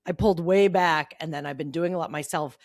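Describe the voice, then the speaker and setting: A woman who runs a business, chatting casually with friends, animated and emphatic, repeating herself for stress. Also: low voice, fairly quick, dry recording, clean studio sound. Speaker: business owner, podcast co-host. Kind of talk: casual chat among friends.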